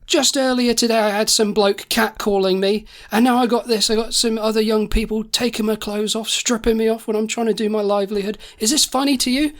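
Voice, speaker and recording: A woman's voice: on the high side, fairly even intonation, brisk, hardly any pauses, lightly acted. A woman voicing an angry elderly lollipop lady who scolds indignantly.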